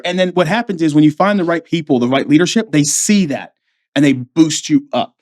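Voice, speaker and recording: Fast-talking, profane man telling war stories. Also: fairly high pitch. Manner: profane, animated storytelling, acts out quoted voices. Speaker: podcast guest, former Marine. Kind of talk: casual podcast conversation.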